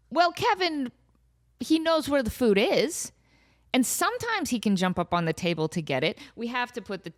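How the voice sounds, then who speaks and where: A woman hosting a casual comedy podcast, animated and laughing often as she riffs and quotes her cat. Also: mid-range voice. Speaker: podcast host. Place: home in desert valley.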